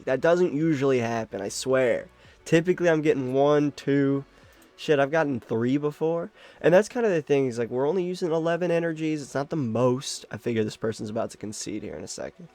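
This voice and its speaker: Young guy narrating his card game match, voice bouncing all over, cussing n laughing, lil bit of music behind. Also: medium pitch. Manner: animated self-talk, swears, laughs at his own luck. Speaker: card game content creator. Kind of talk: casual live gameplay commentary.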